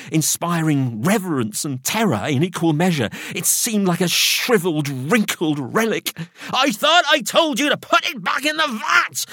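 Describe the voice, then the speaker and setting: A man narrating a first-person tale in an expressive, animated storytelling manner. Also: mid-range voice, breathy edge, no echo, studio quality. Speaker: audiobook narrator.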